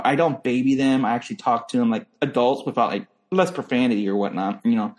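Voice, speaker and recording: Talking fast with hardly any pauses, a young American-accented man from Northern California shares stories casually and switches into high voices when playing other people.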